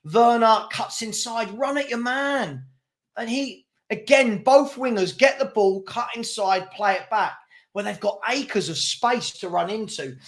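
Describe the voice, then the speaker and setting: A man's voice: sits high, unhurried, a bit bright. A young man hosting a live football watchalong, calling the play and ranting at his chat. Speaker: watchalong host. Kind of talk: live match commentary and chat.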